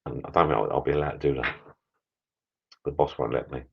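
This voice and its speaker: Low-voiced rambling British man. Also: fairly even intonation, quick pace, vocal fry, husky, highs cut off. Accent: British English. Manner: rambling and chatty, drinking beer while talking. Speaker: livestream host chatting with viewers. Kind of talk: casual live chat.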